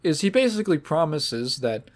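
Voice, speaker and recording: A man hosting a podcast, talking in a halting, sentimental way and fighting back tears. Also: a little high, sing-song. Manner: halting, sentimental, restarts often. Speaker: podcast host. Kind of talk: casual podcast monologue.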